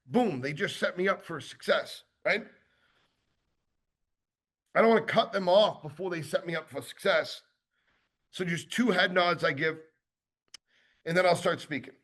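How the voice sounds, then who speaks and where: A man giving a casual sales training talk, acting out quick exchanges with customers and tossing in lots of fillers and asides. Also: high-pitched. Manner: animated, acts out customer exchanges; conversational with many fillers and asides.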